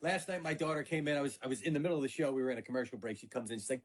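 A man's voice: medium pitch, rapid-fire, breathy edge. A middle-aged man, a sports media guest, chatting casually and acting out family quotes as he tells stories. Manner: animated storyteller, acts out family quotes. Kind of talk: casual podcast chat.

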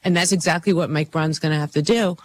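A man's voice: fairly high pitch, steady tone, fast talker. A man co-hosting a sports talk show, chatting casually and joking with his co-hosts, rambling with fillers. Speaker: sports radio co-host.

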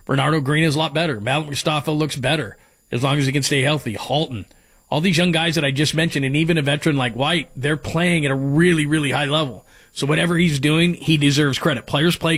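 A man's voice: a little high, fairly bright tone, breathy edge. Opinionated male sports radio host. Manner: opinionated, riffing through names and stats.

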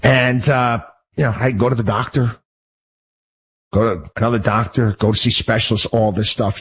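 A man's voice: on the low side, steady tone, moderate pace, a bit bright, slightly rough, low-quality recording. A man hosting his own show, talking in a heated, rambling monologue full of restarts and repeated phrases. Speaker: show host. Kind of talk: personal monologue.

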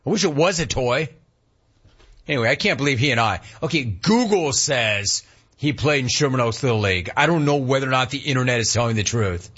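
Man, forties, from southern california, sports talk host, lively swooping pitch, slightly dull lo-fi sound. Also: fast talker. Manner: animated, rambling storyteller who mimics his dad. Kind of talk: casual sports talk with live chat.

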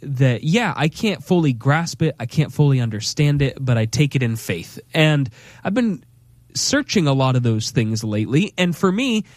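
A man's voice: mid-range voice, big pitch swings, moderate pace, no echo. A man on a faith talk show, sharing his faith in a sincere, reflective way that halts now and then.

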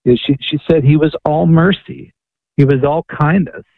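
A man's voice: on the high side, fairly even intonation, moderate pace, no echo. A male author and radio guest telling a story eagerly, often asking "right?" to check in. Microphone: phone call-in. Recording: tinny phone line.

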